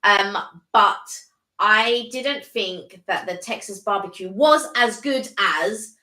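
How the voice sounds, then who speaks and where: A woman co-hosting a casual live stream, talking eagerly and rambling with frequent restarts. Her voice sits at a middle pitch, and an echoey room surrounds it. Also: slow, pushed and bright.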